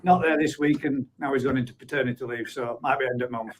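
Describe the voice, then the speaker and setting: A man's voice: medium pitch, fairly even intonation, fast, slight background noise, poor audio. A man in his forties hosting a live stream, chatting casually and reading out viewer comments, blunt, with offhand swearing and frequent laughs. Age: 40s.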